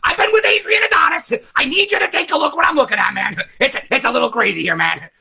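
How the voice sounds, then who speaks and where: A man doing an impression of a brash wrestler-actor, a young man who is pumped up and urgently shouting. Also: extremely high pitch, quick pace, creaky, voice pushed up, heavily acted. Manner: shouting, insistent, swaggering.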